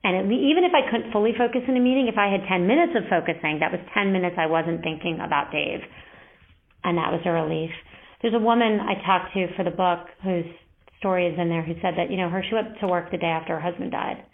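Woman interview guest, low-ish voice, earnest and measured, thin phone-line sound. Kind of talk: candid interview talk. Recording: band-limited phone-like sound.

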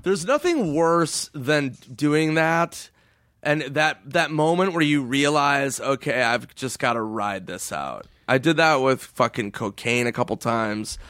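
A man's voice: animated, unhurried, fairly bright tone, clean tone, dry recording, clean studio sound. Laughing man telling wild road stories. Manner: laughs often, swears, acts out quotes in a high voice. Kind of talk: casual storytelling chat.

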